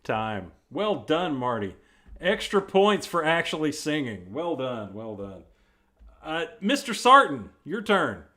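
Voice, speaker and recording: Bright guy hosting improv, calling time, laughing along. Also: a little high, very animated. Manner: brisk, laughs along with the players. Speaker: improv show host.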